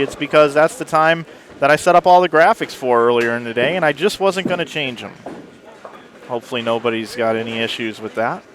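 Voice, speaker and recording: A man's voice: mid-range voice, a bit bright, a little hiss or hum. A man giving live play-by-play bowling commentary, chatty, correcting himself and making friendly asides to viewers. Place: bowling center.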